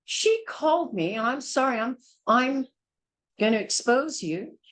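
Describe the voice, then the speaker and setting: An older woman, a midwife, gives a blunt and forceful childbirth class lecture, scolding and repeating herself. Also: high-pitched, animated, unhurried, slight background noise, poor audio. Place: small indoor class.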